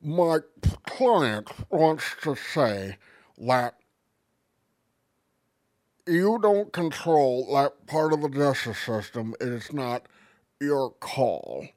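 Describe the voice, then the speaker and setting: A man doing a put-on voice of a fat, rich, balding male lawyer, slow and thick-throated. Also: mid-range voice, expressive, darkish tone, dry recording. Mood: pompous.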